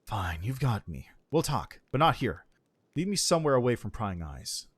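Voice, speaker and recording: A man's voice: medium pitch, sing-song, normal speed, breathy edge, no echo, voice pushed down. Give me a man voicing a defiant elf spy woman, terse and wary. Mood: guarded. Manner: curt, weary, bitter.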